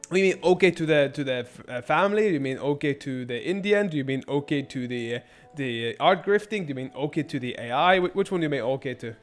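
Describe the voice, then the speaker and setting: A man's voice: a little high, expressive, fast talker, faint music behind. A man streaming a game and chatting with viewers, rambling, crude and sarcastic, with many restarts. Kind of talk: casual gameplay commentary.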